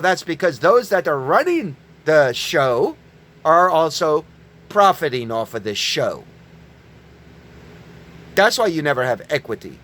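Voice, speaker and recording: Man, angry profane rant, yelling, high voice. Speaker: online preacher.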